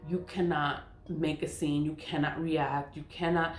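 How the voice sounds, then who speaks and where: A woman in her forties in a casual spoken monologue, emphatic and animated, laughing often and swearing. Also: low-pitched, measured pace, roomy sound, faint music behind. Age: 40s. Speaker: spiritual content creator.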